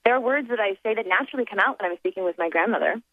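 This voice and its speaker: In rapid-fire bursts, a medium-pitched woman guest talks through a tinny, dry phone line during a casual interview about her work as an accent performer. She thinks out loud reflectively, laughs often, and her speech is full of fillers and restarts.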